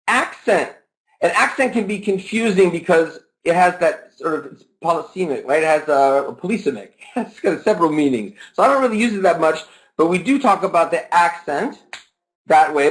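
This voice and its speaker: A man gives a live online lesson in a slightly high voice. He keeps putting questions to his listeners and then answers them himself. He drags words out slowly to show where the stress falls. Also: low-quality recording. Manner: lively, asks the audience questions and answers himself. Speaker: webinar presenter. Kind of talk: live teaching webinar.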